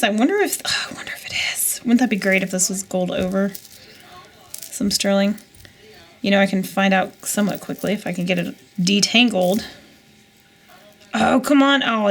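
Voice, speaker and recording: Woman, thirties, from the U.S.; gravelly, chatty vlogger muttering to herself. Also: medium pitch. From United States. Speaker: jewelry reseller vlogger. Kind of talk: casual chat while unboxing.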